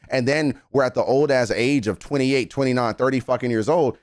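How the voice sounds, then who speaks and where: A man's voice: fairly low pitch, no room sound, clean studio sound. A man in his thirties giving an emotional song reaction commentary, earnest and emphatic, swearing often. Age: 30s.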